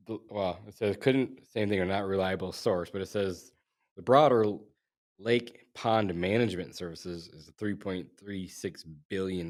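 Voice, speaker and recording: A man hosting a casual podcast interview, reading figures aloud and prompting his guest along. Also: low-pitched. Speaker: podcast host.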